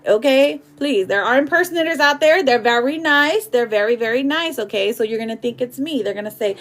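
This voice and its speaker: A woman with a slightly high voice hosts a live tarot stream. She talks to viewers in a warm, chatty way, laughing often and reading their comments aloud between card pulls. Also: normal speed, few pauses. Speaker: tarot reader.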